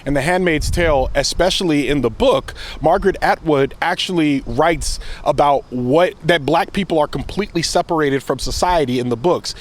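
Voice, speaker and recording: A man with a notably high speaking voice hosts a casual film review podcast. He tells stories candidly and with animation, and he sounds like a young adult. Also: moderate pace, few pauses. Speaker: podcast host and film critic.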